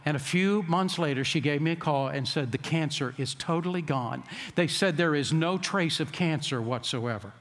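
Middle-aged man, pastor, high voice, emphatic questioning sermon delivery, long hall echo. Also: normal speed. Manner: storytelling preacher, emphatic rhetorical questions.

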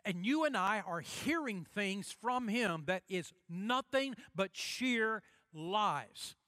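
A man pastor delivering a sermon, emphatic, repeating key phrases and slowing down to stress them. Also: high voice, expressive, sharp tone, no room sound, clean studio sound.

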